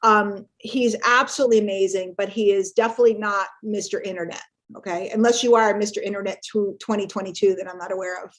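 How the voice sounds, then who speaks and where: A woman's voice: mid-range voice, steady tone, fast. A middle-aged woman speaking casually and playfully on a live webinar, repeating herself for emphasis. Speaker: guest speaker on marketing webinar.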